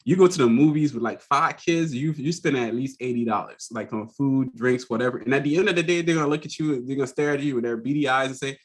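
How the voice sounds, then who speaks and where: Animated, laughing man on a podcast. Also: mid-range voice, quick pace, few pauses. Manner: animated storyteller who acts out quoted voices; laughs often mid-sentence. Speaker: podcast host. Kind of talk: casual chat.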